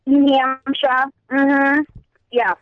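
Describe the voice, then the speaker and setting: A woman with a Boston accent calling in and chatting casually, talking very fast and rambling. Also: sits high, flat delivery, narrow, tinny audio. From Boston, Massachusetts. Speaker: caller. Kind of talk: casual call-in chat.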